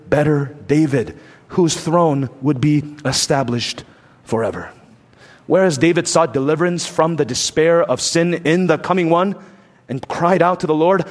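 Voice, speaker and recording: A man's voice: fairly high pitch, animated, moderate pace. A man preaching a sermon emphatically, letting his voice rise and fall for emphasis. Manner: emphatic preaching, rising and dropping for effect. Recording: long reverb from a large hall.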